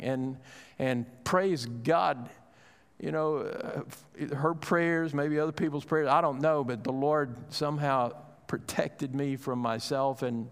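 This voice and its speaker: Man preaching a story in a reverberant hall. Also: mid-range voice. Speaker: pastor. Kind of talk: sermon.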